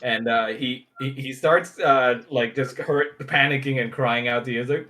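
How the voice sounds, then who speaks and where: A man narrating as game master of a tabletop game, speaking haltingly with many restarts. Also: medium pitch, steady tone, pushed and bright. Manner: halting, full of fillers and restarts.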